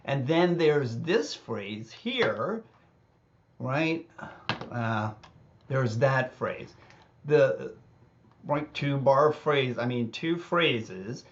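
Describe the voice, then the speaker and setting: Relaxed man teaching over an organ. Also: medium pitch, slow pace, muffled recording, noisy background. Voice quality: wobbly singing voice. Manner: relaxed, self-deprecating, talks with false starts. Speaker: music teacher. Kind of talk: casual teaching with sung examples. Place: home music studio. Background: organ accompaniment.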